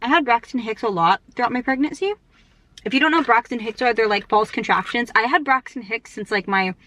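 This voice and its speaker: A young woman vlogger chatting casually and rambling, full of fillers, talking fast because she is in a rush. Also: on the high side, fairly bright tone. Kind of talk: casual chat.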